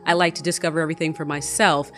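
A woman's voice: sits low, flat delivery, very fast, a bit bright, faint music behind. A woman hosting a casual let's play, chatting as she explores a game and squealing when she spots creatures. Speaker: gaming channel host.

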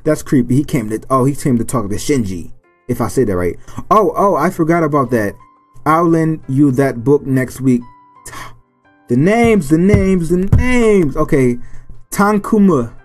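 Male gaming host, mid-pitched, reads story-game text aloud with playful side comments; faint background music. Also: expressive, moderate pace. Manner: playful, stumbles over names and jokes between lines. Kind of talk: reading a visual novel aloud with commentary.

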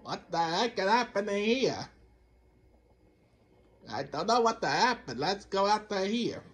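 With a high, fairly bright voice, big pitch swings and a measured pace, a man gives rambling let's-play commentary. Addressing both himself and the game, he keeps slipping into a Count Dracula-like voice and telling himself off for it.

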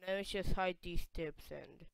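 A let's play gamer giving casual gameplay commentary, excitable, reading on-screen text aloud and breaking into sudden loud yelps. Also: mid-range voice, a little slow, gravelly, clean tone, no echo.

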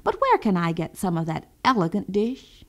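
A woman's voice: medium pitch, wildly swooping pitch, moderate pace, a bit bright. A woman storyteller voicing Uncle Bouqui, a sly, hungry folk-tale man who talks politely but turns irritable. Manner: polite, then irritable and impatient. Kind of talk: storybook reading.

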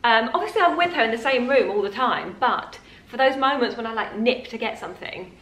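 A woman's voice: a little high, animated, fairly quick, fairly bright tone, reverberant. A young woman chatting casually to camera at home, a mum talking in a gushing, rambling way with lots of fillers. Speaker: mum vlogger.

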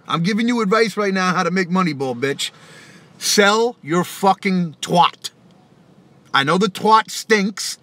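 A man's voice: sits high, sharp tone. A man who raps, hosting a casual live stream and ranting back at viewers' comments, profane and taunting, laughing often. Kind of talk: casual live-stream rant answering chat.

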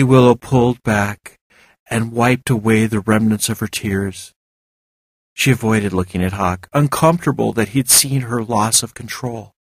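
Husky-voiced man narrating fiction. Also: mid-range voice, no room sound, studio quality. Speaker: audiobook narrator.

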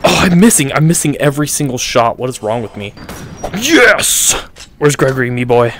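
A young man giving playful, excitable commentary while playing a VR game. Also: medium pitch, moderate pace, slight background noise. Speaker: gaming YouTuber. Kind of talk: VR gameplay commentary.

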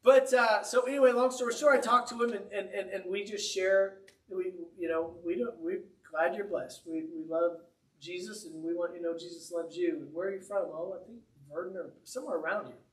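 Man, pastor, high voice, animated storytelling sermon, roomy church sound from a distance. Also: a little fast. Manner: animated, conversational storytelling with humor. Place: church sanctuary.

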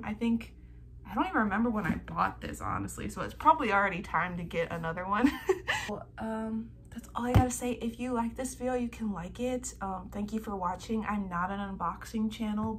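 A young woman vlogging an excited unboxing from home, gasping and squealing over fan merchandise. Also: medium pitch, a little hiss or hum.

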